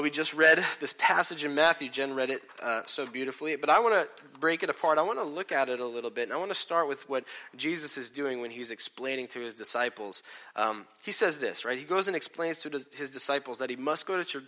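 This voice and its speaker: Emphatic man preaching a sermon. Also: mid-range voice. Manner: emphatic, swings from loud declarations to quiet asides, acts out quotes. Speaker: pastor. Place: church hall with congregation.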